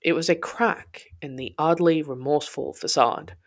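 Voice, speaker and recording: Speaking at a moderate pace and medium pitch, a podcast narrator shares a first-person personal story in a quietly intense, confessional manner.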